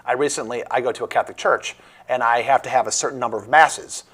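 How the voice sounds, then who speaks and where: A man's voice: medium pitch, steady tone, fast, fairly bright tone, breathy edge. A man with a Midwestern American accent hosting a casual political talk show, joking and rambling as he speaks.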